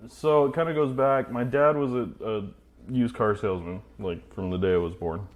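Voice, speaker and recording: A man from Idaho being interviewed in a garage, answering plainly and relaxed, with fillers. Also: medium pitch, normal speed. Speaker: podcast guest. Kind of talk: casual interview.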